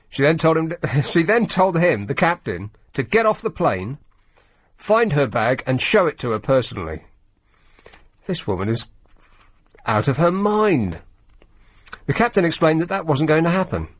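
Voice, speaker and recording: A man's voice: mid-range voice, big pitch swings, moderate pace, no echo. A man hosting a talk radio show, reading out news stories and mocking them in a sardonic, conversational way. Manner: sardonic, reads news items and mocks them. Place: radio studio. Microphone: studio microphone.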